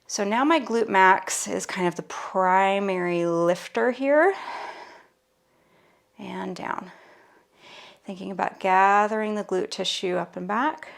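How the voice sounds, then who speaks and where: A woman's voice: medium pitch, slow, vocal fry, long pauses. A woman teaching a Pilates mat workout, cueing the moves casually and playfully while she does them herself. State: out of breath at times. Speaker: Pilates instructor. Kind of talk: guided workout instruction.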